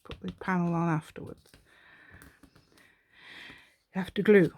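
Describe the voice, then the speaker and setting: Lower-voiced woman chatting through a journal craft demo, rambly and giggly, dry close sound. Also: steady tone, measured pace, darkish tone, dry recording. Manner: rambling, self-talking, giggly asides. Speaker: craft channel host. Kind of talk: chatty step-by-step craft tutorial.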